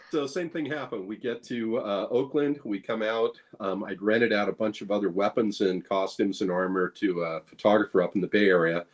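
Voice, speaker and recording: Rambling low-voiced man telling stories. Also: fairly even intonation, normal speed. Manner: rambling anecdotes with many fillers and restarts; playful, acts out quoted lines. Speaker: guest, blacksmith. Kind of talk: casual storytelling chat.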